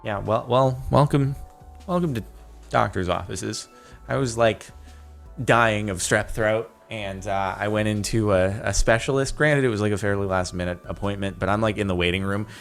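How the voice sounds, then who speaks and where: A man's voice: fairly low pitch, moderate pace, creaky. Exasperated young man ranting over music. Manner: exasperated, ranting, rising to loud outbursts. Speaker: YouTuber reacting to posts. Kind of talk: casual commentary.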